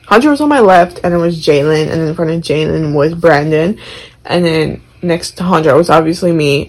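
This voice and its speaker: A young woman just out of high school, co-hosting a podcast in blunt, profane, casual chat. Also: poor audio. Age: young adult. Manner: blunt, profane, laughs often. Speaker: podcast co-host.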